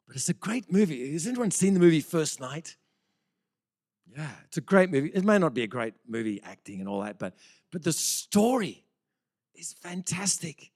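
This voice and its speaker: A man's voice: a little high, big pitch swings, moderate pace, a little mellow, no echo. Brief: middle-aged male pastor, chatty sermon delivery, dry close sound. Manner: conversational preaching with frequent restarts and rhetorical questions.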